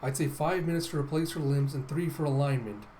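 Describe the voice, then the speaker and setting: A man voicing a calm male pit technician in a matter-of-fact read. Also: on the high side, a little fast, slight background noise, close to an everyday voice.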